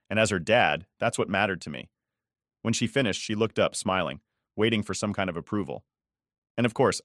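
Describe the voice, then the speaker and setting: A man's voice: fairly low pitch, a bit bright, dry recording, studio quality. A man narrating a first-person story in a casual, conversational way, swearing often.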